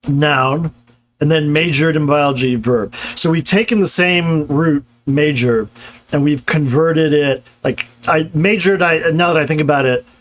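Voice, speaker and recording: A man's voice: on the high side, unhurried. A man giving a live-streamed grammar lecture, talking casually with many fillers and restarts while answering chat.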